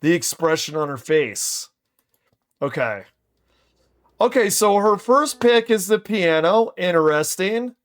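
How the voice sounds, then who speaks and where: A male streamer reacting to a video in casual chat. He is slangy, keeps saying "dude" and thinks out loud. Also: high voice, lively intonation, takes it slowly.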